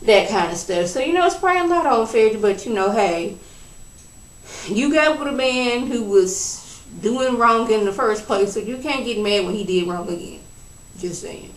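A woman's voice: on the high side, normal speed. Sassy chatty woman in an echoey room. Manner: chatty, sassy, lively storytelling with dialect grammar. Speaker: reality TV recap vlogger. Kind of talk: casual reality show recap commentary.

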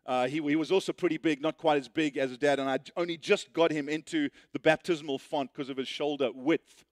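A man preaching a sermon as pastor, telling stories earnestly and dropping to a hushed tone to make his point. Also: a little high, steady tone, fairly quick, no echo, clean studio sound. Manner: earnest storytelling, rising then hushed.

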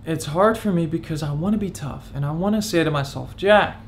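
A young man in his twenties talks fairly quickly in a slightly high voice, with a little hiss or hum in the recording. In a confessional vlog, he opens up candidly and reflectively, sounding as if he's close to tears.

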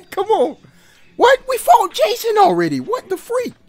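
Animated young man commentating a game. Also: very high-pitched, takes it slowly, creaky, no echo. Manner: animated, yelps and laughs, trash-talks the opponent. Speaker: gaming channel host. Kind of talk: excited gameplay commentary.

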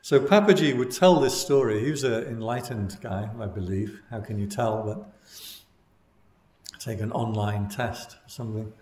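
A man teaching meditation as a Buddhist monk, giving a dhamma talk in a relaxed storytelling way with wry asides. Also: mid-range voice, unhurried. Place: meditation class in a room. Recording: roomy echo.

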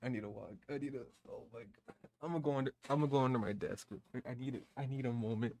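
A young man hosting a reaction video in a casual, animated way, with frequent outbursts and a lot of "dude". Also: medium pitch, racing, creaky, no echo. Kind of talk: excited casual reaction commentary.

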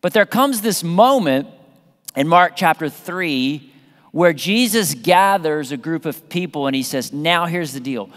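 A man's voice: a little high, a little slow. Man preaching in a ringing church hall. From Southern United States. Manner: animated, conversational preaching with repeated phrases and restarts. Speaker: pastor. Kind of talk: sermon. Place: church sanctuary. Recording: long reverb of a church hall.

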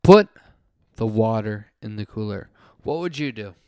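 A man co-hosting a casual podcast, telling loud, animated stories and acting out his friends' lines. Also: lowish voice, a little slow, clean tone, dry recording, clean studio sound. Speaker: podcast co-host. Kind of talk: casual storytelling chat.

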